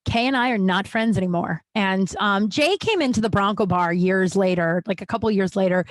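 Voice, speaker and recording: A woman's voice: fairly quick, no room sound. Frank chatty woman telling a story. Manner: frank, chatty, acts out quoted people with pitch jumps; profane, lots of likes and restarts. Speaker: podcast host. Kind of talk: candid storytelling monologue.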